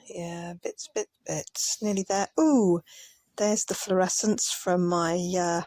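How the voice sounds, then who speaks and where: A woman's voice: fairly low pitch, darkish tone, slightly rough, no echo. A tired woman chatting casually as a craft vlogger, muttering asides as she sorts things. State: tired, yawning. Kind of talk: casual commentary over sped-up footage.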